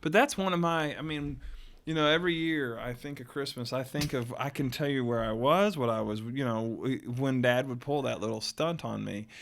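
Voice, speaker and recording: A man's voice: medium pitch, normal speed, gravelly, a little hiss or hum. A man from Florida co-hosting a podcast, telling a family holiday story in a rambling, laughing, casual way. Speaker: podcast co-host. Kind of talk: casual chat, personal storytelling.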